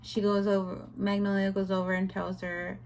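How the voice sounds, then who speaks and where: A young woman chatting casually in a book review vlog, retelling scenes with animated, exasperated commentary. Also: medium pitch, moderate pace. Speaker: book vlogger.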